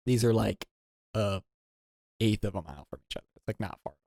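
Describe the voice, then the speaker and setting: A man tells a long, winding story on a podcast. He is animated and loose, often jumping into a high voice to quote people. The recording is dry and close, with no room sound. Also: a little fast, vocal fry, no echo. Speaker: podcast co-host. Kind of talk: casual storytelling.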